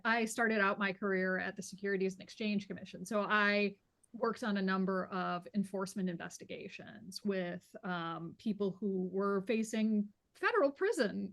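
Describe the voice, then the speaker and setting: A woman speaking as a guest on a webinar panel, measured and explanatory. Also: medium pitch, fairly bright tone.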